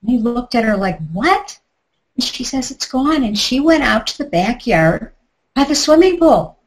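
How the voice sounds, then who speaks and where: Middle-aged female instructor, slightly high voice, chatty step-by-step workshop delivery. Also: animated, normal speed, poor audio. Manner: chatty, guiding step by step with asides. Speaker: tapping instructor. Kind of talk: live online workshop instruction.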